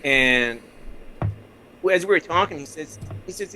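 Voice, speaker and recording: A man's voice: a little high, expressive, unhurried, pauses often, pushed and bright, slight background noise, poor audio. A man from Canada with a Canadian accent, a podcast guest chatting casually and rambling easily through his stories over a remote call mic. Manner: easygoing, rambling storyteller. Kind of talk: casual interview chat.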